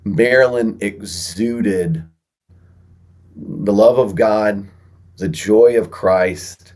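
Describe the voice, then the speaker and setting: Male guest, lowish voice, animated storyteller who turns earnest. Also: drawn-out words.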